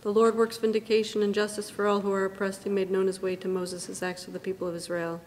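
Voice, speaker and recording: A woman serving as liturgical reader, reciting psalms in a brisk, even manner at a church service. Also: mid-range voice. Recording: long church reverb with faint background noise.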